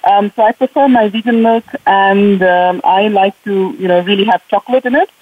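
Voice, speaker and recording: A woman's voice: medium pitch, normal speed. A woman joining a talk show remotely as a guest, laughing often and using many fillers. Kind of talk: casual interview chat. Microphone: remote call. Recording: tinny phone-like call line.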